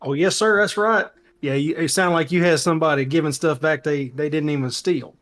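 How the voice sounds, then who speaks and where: Man playing a backwoods peddler, courteous, fairly high voice. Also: brisk, a bit bright, natural voice. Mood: genial. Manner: drawling, polite "sir" and "reckon". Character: folksy backwoods male peddler, courteous and genial.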